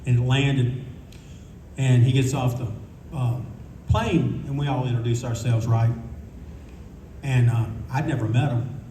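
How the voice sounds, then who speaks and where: Older male panelist, rambling raconteur, warm low-key tone, faint room hum behind. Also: fairly even intonation, unhurried, long pauses, recorded from a distance. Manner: rambling, candid, swears freely. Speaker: convention panelist. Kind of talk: casual anecdotal storytelling. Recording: echoey room recording from afar.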